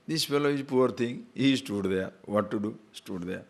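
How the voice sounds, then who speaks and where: Man, spiritual teacher, lowish voice, storytelling discourse, chuckling, rhetorical questions. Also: normal speed, vocal fry.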